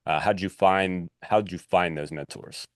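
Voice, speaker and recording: A man's voice: low voice, a little slow, no room sound, clean studio sound. A man hosting a podcast who asks questions and shares his own views in a loose, thinking-aloud way. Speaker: podcast host. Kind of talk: casual interview chat.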